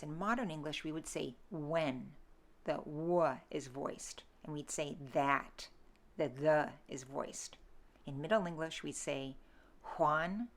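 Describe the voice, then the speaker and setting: A woman with a low voice gives a recorded lecture on pronunciation. She speaks slowly and patiently, demonstrates each sound aloud, and keeps checking in with her class. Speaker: literature instructor.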